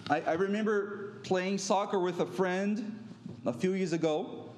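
Unhurried high-voiced pastor, echoey church. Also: male voice, darkish tone, slight background noise. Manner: conversational preaching with anecdotes and acted-out quotes. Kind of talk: sermon. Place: church sanctuary.

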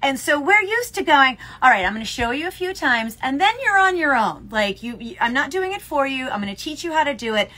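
A woman's voice: high voice, big pitch swings, a little fast, few pauses, bright, forceful tone. A middle-aged woman co-hosting a casual chat, telling stories animatedly and laughing often. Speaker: podcast co-host, yarn shop owner.

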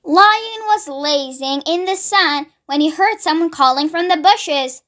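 A young woman hosting a children's read-along, reading slowly, carefully and expressively. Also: extremely high pitch, sharp tone. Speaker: storybook read-along host. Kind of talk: children's read-aloud narration.

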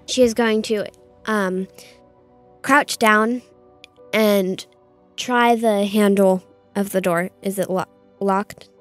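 A woman's voice: medium pitch, steady tone, slow pace, pauses often, faint music behind. A woman playing a tabletop game, speaking casually and hesitantly, asking questions. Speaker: player.

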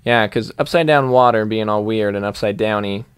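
A man's voice: fairly low pitch, normal speed, clear, resonant tone, dry recording. A young man playing a video game, rambling and giggling as he thinks aloud in casual commentary. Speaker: gaming YouTuber. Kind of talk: let's play commentary.

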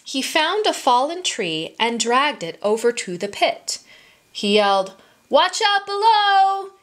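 A woman reading a children's storybook aloud at story time, in a slow, expressive manner for small children. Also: a little high, slight background noise.

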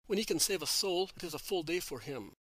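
A man voicing a gentle, devout male apostle in a storybook reading, patient and explaining. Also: sits high, expressive, fairly quick, no room sound, exaggerated voice. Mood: earnest.

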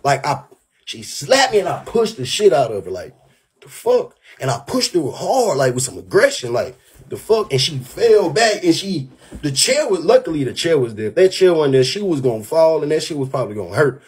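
A young man telling a heated, profane story on his livestream, animated and worked up. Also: on the high side, a little fast, husky. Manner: profane, animated, keeps saying "bro".

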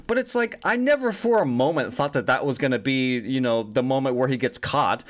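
Animated, swearing male film reviewer. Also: medium pitch, a little fast. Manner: animated, swears freely, many fillers. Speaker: movie reviewer. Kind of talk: casual spoken film review.

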